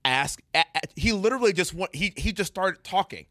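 A man telling an animated story in casual podcast chat, laughing often and stumbling over his words. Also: high-pitched, brisk, dry recording, clean studio sound.

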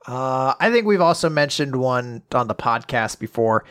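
A man's voice: medium pitch, normal speed, clear, resonant tone. A man co-hosting a podcast, telling stories with animation and acting out imagined conversations. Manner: animated storytelling, acts out scenarios. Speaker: podcast co-host. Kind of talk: casual podcast chat.

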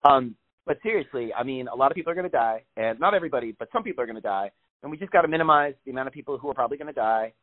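Brief: lively comic co-host, man, swearing and rambling, thin phone-line sound. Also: mid-range voice, racing. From New York. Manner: joking, profane, rambling with many fillers. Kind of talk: casual comedic chat.

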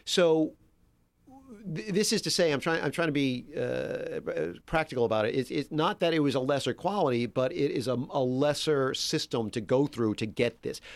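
Middle-aged man, lively self-mocking anecdotes, dry booth sound. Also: mid-range voice, dry recording. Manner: animated storyteller, self-deprecating. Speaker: guest on a talk podcast. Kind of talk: casual chat, storytelling.

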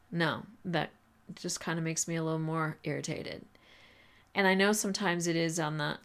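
A woman's voice: lowish voice, fairly even intonation, moderate pace, fairly bright tone. A woman hosting a podcast, giving teachers casual advice in a chatty, filler-heavy way and laughing often. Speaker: podcast host coaching teachers.

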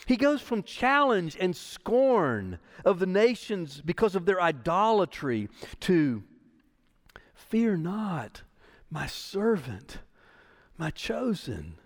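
A man's voice: sits high, in a large hall. A man preaching a sermon as pastor, emphatic and repeating key phrases for stress. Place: church sanctuary.

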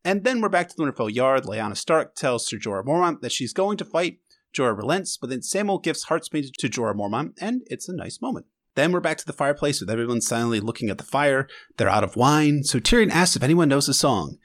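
A man's voice: mid-range voice, sing-song, brisk. A man hosting a podcast who recaps an episode in casual chat, full of emotional and wry, sarcastic asides. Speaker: podcast host.

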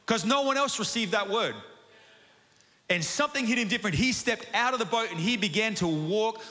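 A man with an Australian accent preaching a sermon, telling a personal story in a chatty, animated way that keeps asking "right?". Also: sits high, brisk. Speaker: pastor. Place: church auditorium. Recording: long hall reverb.

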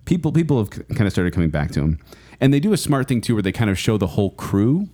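A man's voice: fairly low pitch, sing-song, quick pace, dark tone. Chatty rambling man on a podcast. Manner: rambling, enthusiastic, lots of fillers and restarts. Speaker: podcast co-host. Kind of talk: casual chat.

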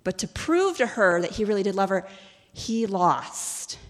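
A woman's voice: mid-range voice, very animated, unhurried. Conversational woman preacher in a big echoing hall. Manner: conversational, storytelling, asks the audience questions. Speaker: ministry executive director teaching. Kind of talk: sermon-style teaching.

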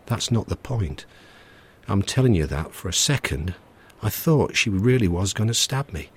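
A man's voice: lowish voice, animated, moderate pace, slightly rough, voice pushed up. A man voicing a nervous middle-aged husband who talks in an anxious, fretful way. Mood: worried.

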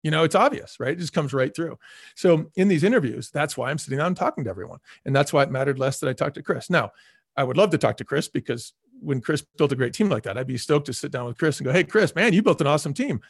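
A man's voice: a little high, animated, quick pace, vocal fry, slightly rough, no echo, studio quality. A middle-aged man, a former restaurant chain chief, telling stories in an interview, repeating words for emphasis and acting out the voices of the people he quotes. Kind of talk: casual storytelling interview.

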